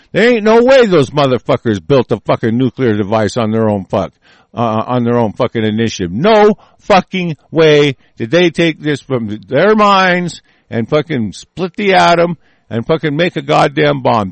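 A man's voice: mid-range voice, gravelly, no room sound. A man delivering a heated, profane, rambling monologue with many restarts. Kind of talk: ranting monologue.

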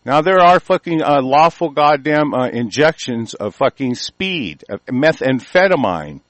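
Male host, mid-pitched, hostile and foul-mouthed, reads aloud haltingly, dry close sound. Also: sing-song, no echo. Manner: aggressive, cursing, stumbles while reading aloud. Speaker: host of a commentary show. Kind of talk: angry profane news rant.

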